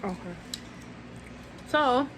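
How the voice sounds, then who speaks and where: A young woman vlogger in casual chat, telling stories with playful teasing. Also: extremely slow. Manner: storytelling with laughs, playful teasing. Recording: faint background noise.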